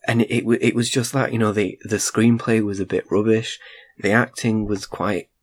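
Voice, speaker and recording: A man's voice: lowish voice, level tone, moderate pace. A man casually reviewing a film in a chat, rambling with frequent restarts. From United Kingdom.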